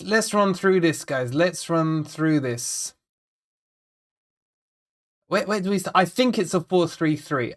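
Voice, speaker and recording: A man with a high, slightly bright voice hosts a fan channel's live football watch-along. Chatting casually with viewers, he worries about the team, repeats himself, wanders off topic and reads out the chat.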